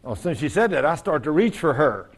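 A man preaches a sermon in church. His voice sits a little high for a man. He tells folksy stories and acts out the voices of the people in them. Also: big pitch swings, a little fast, breathy edge. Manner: folksy storytelling, acting out quoted voices.

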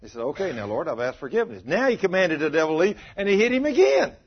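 A man's voice: sits high, fast, slightly rough. A man preaching a sermon, telling a story with acted-out dialogue and quoting scripture. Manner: animated, acts out dialogue, quotes scripture. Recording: dull lo-fi sound.

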